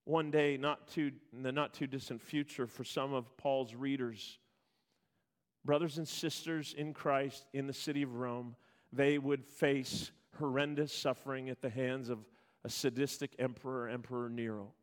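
A man preaching a sermon, reading scripture with rising intensity, then dropping to quiet, slow emphasis. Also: mid-range voice, steady tone. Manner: builds to loud emphatic peaks, then drops quiet and slow. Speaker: pastor.

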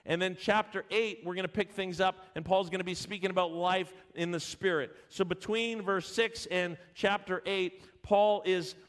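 High-voiced man preaching a sermon. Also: fairly even intonation, moderate pace, hardly any pauses, a bit bright. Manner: emphatic at points, repeats and restarts words. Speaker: pastor.

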